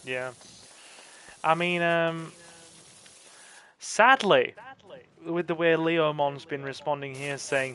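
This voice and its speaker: A man's voice: fairly high pitch, takes it slowly, pauses often, pushed and bright, rough recording. A man chatting earnestly while playing a game, ranting about politics with frequent restarts. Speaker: gaming channel host and campaign volunteer.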